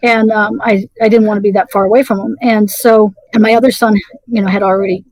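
A middle-aged woman telling her personal story as an interview guest, halting and full of restarts. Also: mid-range voice, flat delivery, darkish tone, no echo, low-quality recording. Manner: halting, many restarts and fillers.

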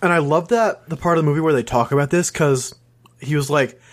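A young man in casual conversation about a movie, laid-back and joking, with quick remarks. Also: a little high.

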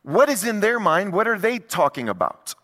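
Emphatic preacher in a reverberant hall. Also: male voice, sits high, sing-song, normal speed, a bit bright. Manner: emphatic, repetitive preaching with rising intensity. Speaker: pastor. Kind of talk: sermon. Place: church sanctuary. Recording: long reverb of a large hall.

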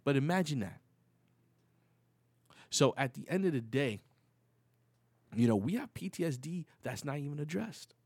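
A man's voice: a little high, moderate pace, long pauses, slightly rough, dry recording. A middle-aged man from the Bronx with a New York accent, telling stories in casual talk that gets heated. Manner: animated, heated when acting out stories.

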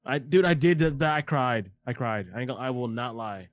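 A podcast co-host in his late forties watches a movie with a friend and chats casually, his banter loose and profane. His mid-range voice is expressive and a little fast. The recording has no echo.

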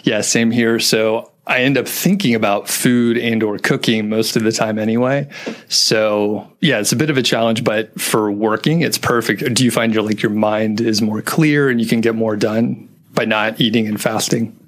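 A man's voice: on the low side, steady tone, normal speed. A man from Atlanta hosting a casual podcast interview, easygoing and agreeable, with no regional accent. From Atlanta, US South. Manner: easygoing, agreeable, talks in short affirming bursts. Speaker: podcast host.

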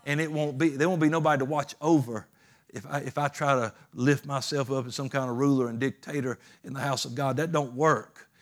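A man's voice: mid-range voice, fairly even intonation, fairly quick. Man, pastor, folksy preaching, emphatic calls. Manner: folksy, plainspoken phrasing. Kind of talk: sermon.

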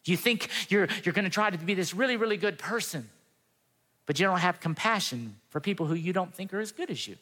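A man's voice: high voice, animated, fairly quick, sharp tone. A pastor giving a sermon in an earnest, conversational way, acting out the quotes he tells. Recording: long reverb of a hall.

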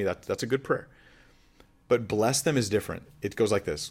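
A man's voice: fairly low pitch, big pitch swings, brisk, breathy edge. A man speaking as a pastor in a Bible teaching sermon, earnest and conversational, often asking the audience questions.

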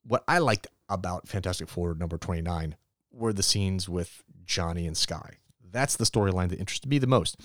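A man's voice: low-pitched, a bit bright, dry recording, studio quality. A man hosting a podcast alone, casually retelling a comic story in a rambling way and briefly voicing the characters. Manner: rambling recap with quick voiced asides for characters. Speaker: podcast host reviewing comics. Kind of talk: casual solo review recap.

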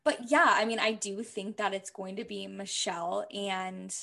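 A woman's voice: mid-range voice, steady tone, normal speed, creaky, bright, forceful tone. A young woman co-hosting a casual podcast, chatty and laughing often, full of fillers. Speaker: podcast co-host. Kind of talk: casual chat.

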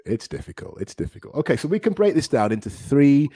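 A man hosting a podcast English lesson, encouraging his student and repeating words slowly to practise pronunciation. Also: mid-range voice, huge pitch swings, mellow, slightly rough, dry recording, clean studio sound. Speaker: English teacher and podcast host.

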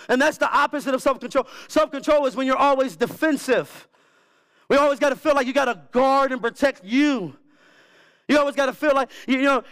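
A man preaching a sermon as pastor, animated and emphatic, repeating key words for effect. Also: extremely high pitch. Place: church.

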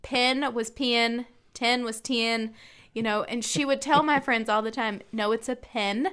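A woman co-hosting a casual podcast, with a high and very bright voice. She grew up in Maryland and North Carolina. She talks in a giggly, animated way and sometimes turns mock-indignant. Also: a little slow, smooth. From Maryland and North Carolina, United States. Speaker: podcast co-host. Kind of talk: casual chat.

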